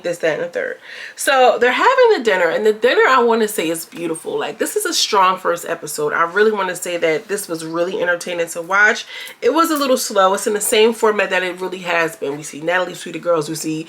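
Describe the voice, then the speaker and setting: A woman's voice: lowish voice, lively intonation, brisk, fairly bright tone. A young woman chatting casually as she recaps a reality TV episode, candid and swearing freely, acting out lines from the cast.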